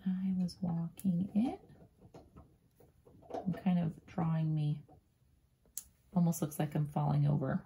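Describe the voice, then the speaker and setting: A woman teacher slowly and gently walking young pupils through a writing lesson, often dropping into a soft near-whisper as she draws and spells. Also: on the low side, steady tone, gravelly, a little hiss or hum. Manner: slow, gentle, talks directly to young pupils. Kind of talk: children's writing lesson, drawing and thinking aloud.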